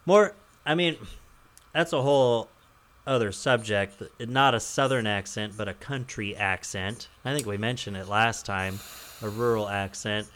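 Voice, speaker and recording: A man's voice: lowish voice, measured pace, fairly bright tone. Chuckling man telling a rambling story. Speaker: podcast host. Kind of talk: casual podcast chat.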